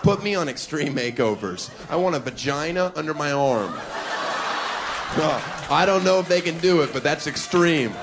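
A man's voice: fairly high pitch, expressive, normal speed. A man performing a stand-up comedy set on a club stage, brash and provocative, mocking his audience. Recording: live club with crowd laughter and noise.

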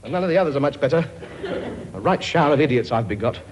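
A man's voice: a little high, lively intonation, fast talker, slight background noise, close to an everyday voice. A man playing a blustering comic king. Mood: brusque. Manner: blustering, scolding, chummy. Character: bossy, boastful comic king, middle-aged man. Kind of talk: sitcom acting before a laughing audience.

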